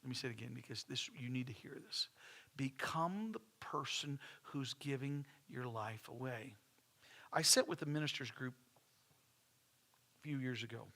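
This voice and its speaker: A man's voice: medium pitch, sharp tone. A middle-aged man, preaching a sermon in church with folksy stories and phrases repeated for emphasis. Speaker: pastor.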